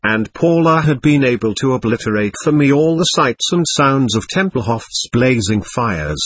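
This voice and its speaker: A man reading a first-person war memoir as an audiobook, in a steady, even narration. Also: medium pitch, normal speed, slightly rough.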